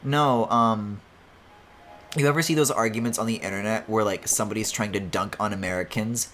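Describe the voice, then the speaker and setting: A man's voice: fairly low pitch, a little fast, a bit bright. A man streaming a video game, chatting casually as he plays, swearing and laughing often. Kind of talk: casual let's-play commentary.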